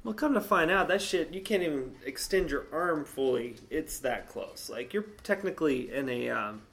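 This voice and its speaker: A man in his thirties telling a story casually, animated and swearing, acting out quotes in a higher voice. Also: moderate pace, vocal fry. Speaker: vlogger.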